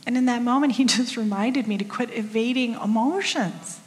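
A woman's voice: on the high side, normal speed. A middle-aged woman giving a conversational sermon as a church speaker, candid and self-deprecating, with lots of casual fillers. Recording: long reverb of a large hall.

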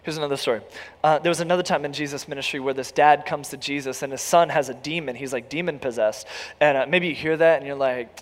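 A man preaching a sermon, telling stories with lively acted-out voices and building to near shouts. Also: fairly high pitch, quick pace, big-room sound. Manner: animated storytelling, acts out voices, rises to near shouts. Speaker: pastor.

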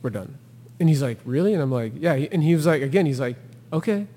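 In a casual storytelling interview, a thru-hiker recounts a trail story with feeling, speaking fast in a slightly high voice. He acts out quotes and laughs, with big-room acoustics.

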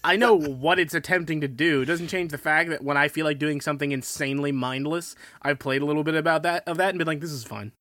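A man's voice: a little high, fairly even intonation, fast talker, few pauses, a bit bright, no echo. A man co-hosting a casual podcast, throwing in sarcastic quips. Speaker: podcast co-host. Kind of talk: casual chat.

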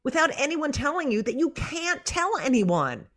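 A woman's voice: high voice, moderate pace. A middle-aged woman, a comedian, telling stories in a casual interview, acting out quotes and swearing freely. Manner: animated storyteller, acts out quotes, swears. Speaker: comedian guest.

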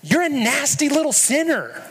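A man's voice: extremely high pitch, very animated, normal speed, fairly bright tone, in a large hall, voice pushed up, exaggerated voice. A man voicing a scornful, arrogant Pharisee who mocks and looks down on others. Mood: sneering. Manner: mocking, contemptuous.

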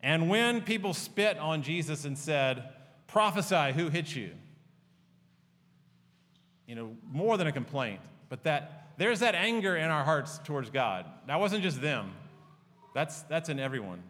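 A man gives a sermon from the pulpit, earnest and pastoral, often falling to a hushed, tender tone. His voice sits a bit above the usual male range. A long hall reverb trails after his words in the large sanctuary. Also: on the high side, sing-song, moderate pace.

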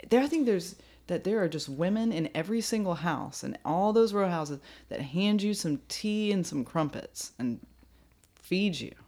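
A woman's voice: fairly low pitch, darkish tone. A woman hosting a podcast in casual chat, giggly, rambling and playful. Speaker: podcast host.

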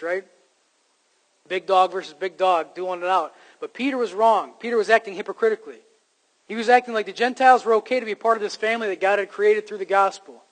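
A man's voice: high-pitched, poor audio. A man preaching a sermon to his congregation, in a conversational style that rises to emphatic points. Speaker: pastor.

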